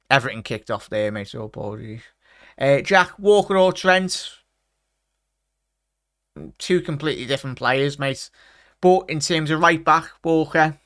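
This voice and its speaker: A man's voice: medium pitch, fairly bright tone, clean tone, no room sound, studio quality. Chatty man hosting a football livestream. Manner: chatty, greets viewers with "big up" and "mate". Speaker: watchalong livestream host. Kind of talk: casual live chat reading comments.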